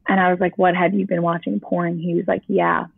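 A woman's voice: on the low side, little pitch movement, a little fast, creaky, breathy edge, dry recording. A young woman telling her personal testimony in a casual, chatty way, with "like" peppered through her sentences. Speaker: guest sharing her testimony. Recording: tinny phone-line sound, dry.

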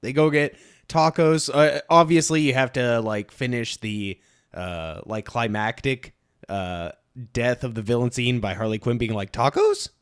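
Wry man with a smooth voice on a podcast. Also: medium pitch, measured pace, no room sound, clean studio sound. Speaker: podcast co-host. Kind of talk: casual movie review chat.

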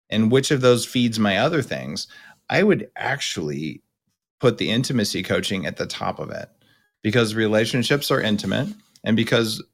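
Middle-aged guy hosting a podcast, lowish voice, blunt casual coaching, talks a lot. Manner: explains at length, blunt and casual, says "crap". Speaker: podcast host. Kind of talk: coaching conversation.

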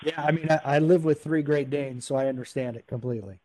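A man's voice: fairly high pitch, fast, mellow, no room sound. A man co-hosting a podcast, chatting in an agreeable way. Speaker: podcast co-host. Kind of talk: casual chat.

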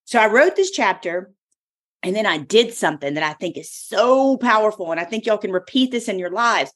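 Emphatic, expressive woman telling her story. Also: mid-range voice, normal speed. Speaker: podcast host and author. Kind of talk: casual podcast chat.

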